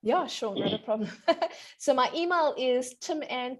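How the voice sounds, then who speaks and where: A woman in her thirties talks as a guest parenting coach. She chats in a loose, friendly way, full of ums, and laughs easily. Her voice sits a little high. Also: lively intonation, measured pace. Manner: chatty, many fillers, laughs easily. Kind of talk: casual explanatory chat.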